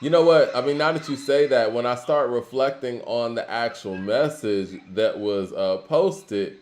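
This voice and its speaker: A man's voice: mid-range voice, unhurried, hardly any pauses, darkish tone, reverberant. A man co-hosting a casual talk show, musing conversationally with lots of filler phrases. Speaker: podcast co-host. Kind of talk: casual hip-hop discussion.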